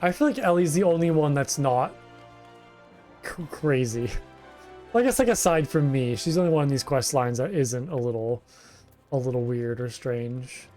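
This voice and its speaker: A man's voice: medium pitch, lively intonation, normal speed, darkish tone. A young man chatting casually and with amusement while streaming a video game from home. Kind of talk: casual gameplay commentary. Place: home gaming setup. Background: game music.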